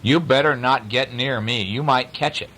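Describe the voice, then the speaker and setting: A man's voice: medium pitch, moderate pace, sharp tone, a little hiss or hum, pitched above the performer's own voice, natural voice, rough recording. A man voicing a small, polite, earnest mouse boy who talks in a kindly, fussing way.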